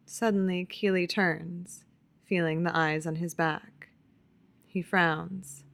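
Woman, story narration, very slow, low pitch, deliberate. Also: steady tone. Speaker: co-reader of a fanfiction audiobook.

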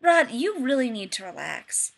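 A woman's voice: on the high side, very animated, moderate pace, gravelly, heavily acted. A woman voicing a cheeky, upbeat young man who teases everyone in an audiobook reading. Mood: breezy. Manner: upbeat and teasing. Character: cheeky breezy young man, fake psychic.

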